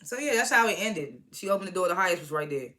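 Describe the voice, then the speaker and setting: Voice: mid-range voice, lively intonation, fast, pushed and bright. A speaker casually recapping a TV episode, retelling scenes as quoted dialogue, swearing freely and chuckling along. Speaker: TV episode reviewer.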